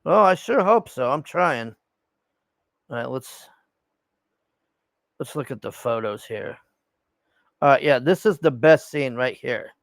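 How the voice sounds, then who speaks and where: A man's voice: medium pitch, expressive, slow, vocal fry, long pauses, dry recording. A young man giving a rambling, profane, casual movie review, sighing in exasperation.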